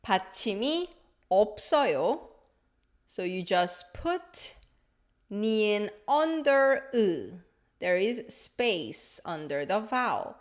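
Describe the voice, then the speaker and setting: Lively woman teaching a live language lesson. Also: mid-range voice, measured pace. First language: Korean. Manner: mixes English and Korean, playful, reads viewer comments.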